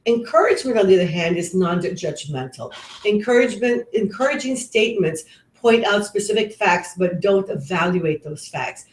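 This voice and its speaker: A woman's voice: lowish voice, animated, moderate pace. A middle-aged woman giving a parenting webinar, talking earnestly and conversationally with frequent restarts. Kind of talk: webinar talk with personal stories. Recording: roomy echo.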